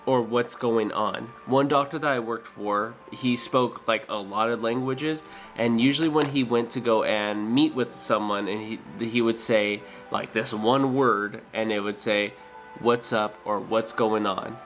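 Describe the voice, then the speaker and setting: A man's voice: medium pitch, fairly even intonation, a little slow, fairly bright tone, faint music behind. A man chatting casually with his stream viewers, hesitant and full of fillers and restarts. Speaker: streamer and dental worker.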